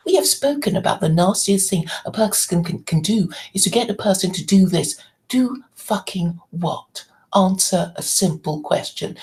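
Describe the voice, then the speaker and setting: A woman's voice: mid-range voice, lively intonation, moderate pace, a little mellow, rough recording. A woman hosting her own channel, delivering an angry, indignant monologue full of swearing. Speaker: channel host. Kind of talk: ranting monologue to camera.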